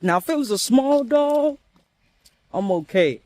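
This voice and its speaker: Young man, high lively voice, casual story-time vlog, walking outside, jumpy. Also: measured pace, no room sound. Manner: animated, chatty, jumpy and nervous. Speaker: vlogger. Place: outdoors, walking.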